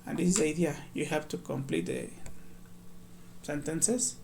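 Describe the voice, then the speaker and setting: Male ESL teacher, gravelly, slightly high voice, patient step-by-step workbook walkthrough, faint hiss behind. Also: moderate pace, a little mellow. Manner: patient, explains step by step, reads examples aloud. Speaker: English teacher.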